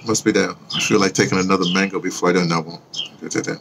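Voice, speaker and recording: A man's voice: deep voice, fairly even intonation, racing, gravelly, noisy background. A man talking casually to viewers in a rambling monologue, restarting sentences often and teasing them with questions. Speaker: vlogger and audio drama producer.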